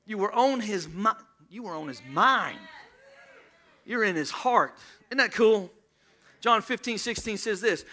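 High, bright-voiced preaching man. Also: moderate pace, pauses often. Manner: impassioned, shouting with call-and-response. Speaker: pastor. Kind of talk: preaching a sermon.

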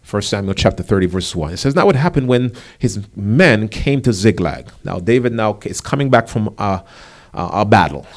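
A male pastor preaching a sermon, animated, with rising emphasis and casual asides. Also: fairly low pitch, normal speed.

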